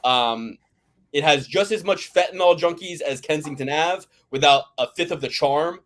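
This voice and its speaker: This Philadelphia-area man's voice is fairly high-pitched and fairly bright, moving at a moderate pace. Hosting a casual sports betting podcast, he rants, swears, and rambles, frequently restarting his sentences.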